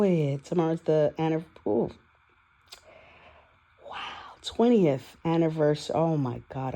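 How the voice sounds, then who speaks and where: Woman, 40s, dark mellow tone, unscripted confessional vlog, raw and rambling. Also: deep voice, lively intonation, measured pace, pauses often, lo-fi sound. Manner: candid, rambling, profane, emotional. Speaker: vlogger. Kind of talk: confessional audio diary. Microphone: voice-only recording, no video.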